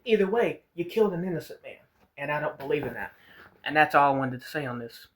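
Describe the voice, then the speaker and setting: A man's voice: on the high side, animated, fast, a bit bright. Rambling man ranting on a vlog. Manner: rambling, repeats himself, swears. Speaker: vlogger reacting to a video. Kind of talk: casual ranting commentary.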